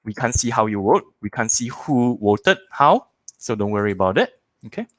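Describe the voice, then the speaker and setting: Lively, playful man hosting a workshop. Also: medium pitch, normal speed, no room sound. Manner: animated and playful, jokes with the audience. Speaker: parenting workshop host. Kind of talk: live online workshop running audience polls.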